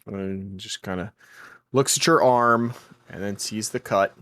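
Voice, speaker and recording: A man's voice: fairly low pitch, measured pace, no room sound. Laid-back male game master. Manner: relaxed, casual narration with fillers. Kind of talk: narrating a tabletop game.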